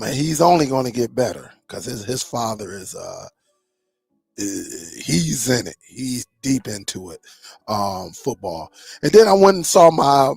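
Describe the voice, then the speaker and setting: Gravelly laid-back man. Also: medium pitch, a little mellow, dry recording. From Michigan. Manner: laid-back, greets viewers by name, slangy. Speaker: streaming channel host. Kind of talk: casual live-stream chat.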